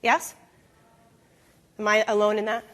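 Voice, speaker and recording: A woman giving a live talk at an expo, animated, acting out quoted voices and asking the audience questions. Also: mid-range voice, unhurried. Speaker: expo speaker. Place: event stage.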